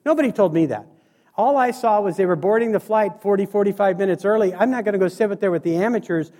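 A man doing storytelling stand-up comedy, animated and acting out the people in his stories. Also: high-pitched, fast talker. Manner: animated, acts out voices and scenes. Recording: reverberant hall.

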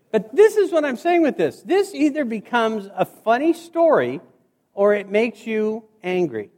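Animated storytelling man in a hall. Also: very high voice, normal speed. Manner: animated storyteller acting out dialogue. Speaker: keynote speaker. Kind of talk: humorous motivational speech. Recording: hall reverb.

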